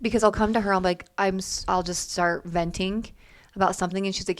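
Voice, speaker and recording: A woman's voice: medium pitch, fairly even intonation, fast talker, creaky. A woman co-hosting a casual podcast, reacting with laughs and sharing her own view. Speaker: podcast co-host. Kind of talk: casual chat.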